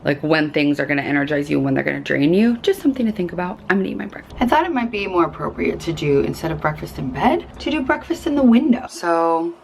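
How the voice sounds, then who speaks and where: A woman chatting casually in a lifestyle vlog from her hotel room, her voice going hoarse, with lots of fillers. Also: deep voice, lively intonation, fast, hardly any pauses, slight background noise. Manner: chatty, filler-heavy, upbeat. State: losing her voice. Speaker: lifestyle vlogger.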